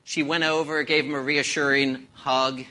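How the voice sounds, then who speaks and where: A man preaching a sermon, opening with a folksy joke told slowly and deliberately. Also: medium pitch, little pitch movement, sharp tone. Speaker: pastor.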